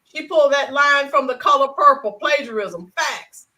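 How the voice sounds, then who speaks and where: A woman's voice: sits high, normal speed, pushed and bright, low-quality recording. A woman co-hosting a casual live stream, reading viewer comments aloud and answering them emphatically. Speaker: podcast co-host reading live chat; teacher.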